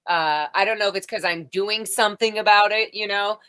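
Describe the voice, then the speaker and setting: Chatty woman host on a video call, bright tone, rambling with lots of fillers. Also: mid-range voice, brisk, smooth. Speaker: livestream host. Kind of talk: casual video chat.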